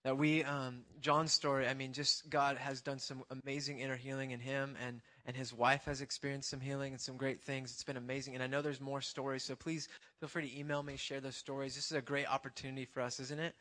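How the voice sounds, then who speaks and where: A man's voice: mid-range voice, flat delivery, fairly quick, hardly any pauses, bright, forceful tone. A man leading a church gathering, thanking speakers and encouraging the congregation. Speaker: worship leader.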